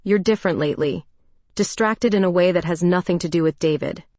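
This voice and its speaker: A woman's voice: fairly low pitch, brisk, a little mellow, no room sound, natural voice. A woman voicing a blunt, teasing female best friend in her late thirties in a storybook dialogue, talking in a bossy, pushy way. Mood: probing.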